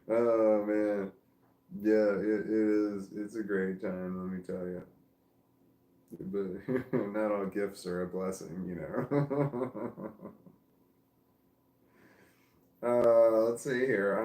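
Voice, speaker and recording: Casting note: a slow, sleepy Midwestern man, low voice, in an echoey room, livestream chat host. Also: gravelly, darkish tone. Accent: American Midwestern. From American Midwest. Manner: slow, mumbling and drowsy, breaking into laughter. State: high and tired.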